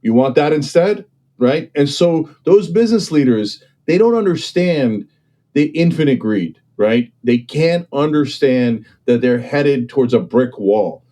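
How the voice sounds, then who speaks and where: A man with a slightly high, warm, expressive voice speaks at a measured pace in a heated political discussion as a commentator and guest. He argues emphatically and persuasively, often asking "okay?" and "right?", and acts out other people's voices when he quotes them.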